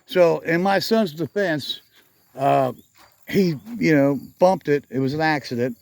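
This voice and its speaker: A man's voice: on the high side, measured pace, creaky, a little mellow, no echo. A middle-aged man chatting casually in a garage vlog outdoors, rambling and correcting himself with frequent chuckles. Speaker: garage channel vlogger.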